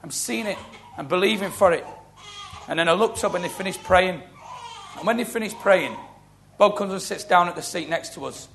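A middle-aged man preaching a sermon, telling stories with lively quoted voices. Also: high voice, normal speed, creaky, slight background noise. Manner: storytelling, animated, acting out quoted voices. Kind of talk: sermon with testimony.

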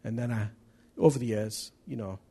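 A middle-aged man preaching a sermon, animated, acting out little dialogues as he tells stories. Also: on the low side, normal speed, breathy edge. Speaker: pastor.

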